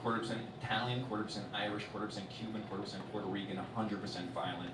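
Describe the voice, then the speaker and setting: A young man from Miami doing a stand-up comedy set, swearing a lot and swinging from muttered asides to loud bursts. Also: fairly low pitch, steady tone, racing, few pauses. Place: large live comedy venue with audience. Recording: roomy, distant live stage recording with loud crowd noise.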